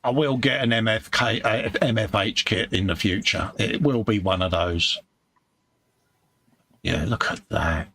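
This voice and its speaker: A man's voice: lowish voice, measured pace, pushed and bright, a little hiss or hum. A man hosting a casual live chat, bantering matily and reading out viewer comments. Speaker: live-stream host.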